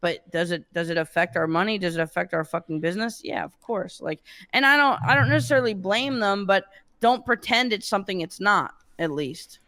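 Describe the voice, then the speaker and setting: A man's voice: sits high, animated, fairly quick, sharp tone. A man on a group call, talking bluntly and cynically in casual chat, swearing freely. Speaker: streamer guest on a talk show.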